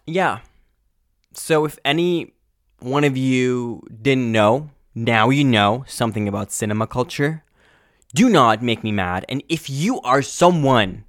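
A male podcast host ranting angrily and profanely in a casual monologue, full of fillers and sudden loud outbursts. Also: mid-range voice, no echo, studio quality. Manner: angry, exasperated, profane.

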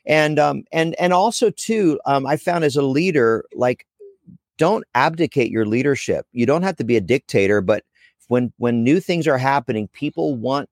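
A man's voice: mid-range voice, expressive, normal speed, darkish tone, no echo. A man speaking as a guest on a casual podcast, rambling and correcting himself with dry jokes. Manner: rambling, self-correcting, joking.

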